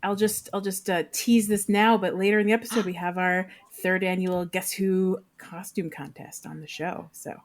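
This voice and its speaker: A woman's voice: on the low side, fairly even intonation, moderate pace. Chatty woman podcast co-host. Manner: laughs easily, chatty with filler words. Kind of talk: casual chat.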